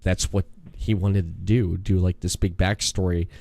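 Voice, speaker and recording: Young male caller, low voice, laid-back casual chat, dry sound. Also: little pitch movement, mellow, no room sound. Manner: laid-back, drawn-out, chuckling. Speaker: podcast guest, caller.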